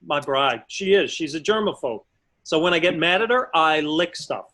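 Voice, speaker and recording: Man, forties, stand-up comedian, fairly high voice, self-mocking storytelling, video call. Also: animated, moderate pace, sharp tone, rough recording.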